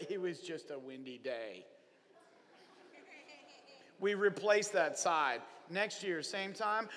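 A man from Oklahoma preaching a lively, humorous sermon to young people at a camp, telling stories with playful asides. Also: sits high, big-room sound. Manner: animated storyteller, playful humor.

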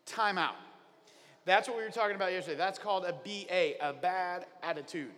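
A middle-aged man playfully telling a Bible story to children in a lively, joking way. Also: high-pitched, fairly quick, big-room sound. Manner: playful, animated, jokey. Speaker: children's minister.

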